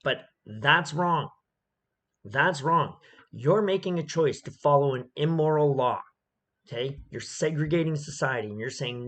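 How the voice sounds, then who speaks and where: A man's voice: a little high, expressive, a little slow, a bit bright. A man giving opinionated commentary on a video clip, emphatic and repetitive, often checking in with "okay?".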